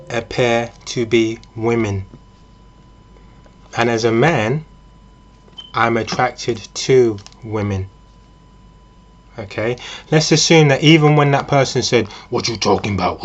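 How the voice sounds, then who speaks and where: Male vlogger, chatty monologue, mid-pitched voice, dull lo-fi audio. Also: slow pace, pauses often. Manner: conversational, with frequent fillers and restarts. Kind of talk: casual monologue with hypothetical scenarios.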